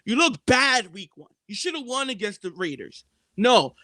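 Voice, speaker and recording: A man co-hosts a sports betting podcast in a very high, bright voice that swings widely in pitch, speaking at normal speed with a forceful tone. The recording is clean and studio-quality, with no room sound. In casual betting chat, he argues his point emphatically and repetitively, calling his listeners "people."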